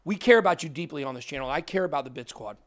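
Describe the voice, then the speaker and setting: A man hosting a crypto talk show, emphatic and excitable, ranting into the camera. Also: on the high side, very fast. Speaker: crypto channel host. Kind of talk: fired-up casual talk on camera.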